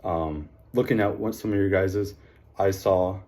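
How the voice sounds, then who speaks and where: Male teacher, low mellow voice, upbeat praise, drawn-out letter sounds, filler-heavy. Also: fairly even intonation, gravelly. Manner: encouraging, sounds out letters slowly; frequent fillers like um and like. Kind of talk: classroom phonics lesson.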